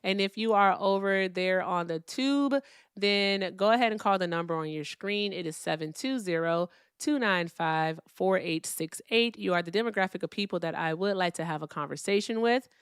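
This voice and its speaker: A woman hosting a political call-in livestream, speaking in a relaxed, profane, wry way as she reads out donor messages and thanks viewers. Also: mid-range voice, normal speed, clear, resonant tone, dry recording, studio quality. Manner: speaks softly, not loudly. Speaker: livestream political debate host. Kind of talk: casual livestream chat.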